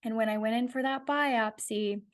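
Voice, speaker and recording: A woman's voice: fairly high pitch, normal speed. Candid woman telling a personal story. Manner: candid, conversational, animated retelling. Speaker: podcast host.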